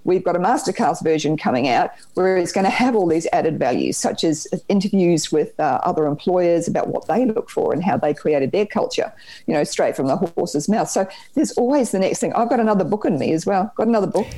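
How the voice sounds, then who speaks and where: A woman with a New Zealand accent, a guest on a podcast, telling stories in an upbeat, animated way. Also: lowish voice, brisk, rough recording. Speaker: podcast guest, business trainer. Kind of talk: casual podcast interview.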